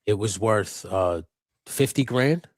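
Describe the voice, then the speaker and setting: A man with a fairly low voice tells a long, animated story, swearing freely as he goes. It is relaxed, casual live-stream chat. The sound is dry and close, with no room echo. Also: slow. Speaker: co-host of a live customizing stream.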